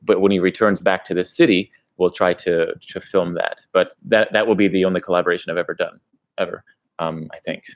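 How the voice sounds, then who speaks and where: A man's voice: low voice, fairly even intonation, brisk, lo-fi sound. A man who vlogs about his travels, chatting casually on a livestream and rambling through answers to viewer questions. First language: English. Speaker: travel vlogger.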